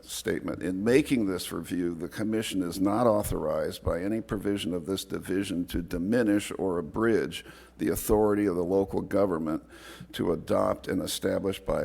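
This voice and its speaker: A man, an advisory committee chair, giving public comment at a county board meeting, reading earnestly and fast with small stumbles. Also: sits low, gravelly, darkish tone, husky.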